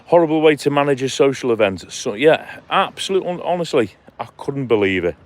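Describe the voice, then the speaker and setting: A man's voice: mid-range voice, animated, a little fast. Friendly male vlogger, chats matily to his live viewers while walking outdoors on a phone. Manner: chatty, matey, addresses viewers by name. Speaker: live-stream vlogger reading chat. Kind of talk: casual live-stream chat while walking. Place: outdoors on a seaside clifftop walk.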